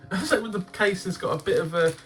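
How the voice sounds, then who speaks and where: A man hosting a game-collecting channel, chatting casually as he opens his games, swearing freely and bursting into loud laughter. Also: high voice, brisk, over music. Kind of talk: casual unboxing chat.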